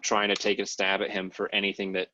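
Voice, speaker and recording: This podcast co-host has a fairly low voice that sounds pushed and bright, delivered fast and completely flat. He rambles through a casual political conversation with many fillers and hedges. The recording is dry, with a dull lo-fi sound.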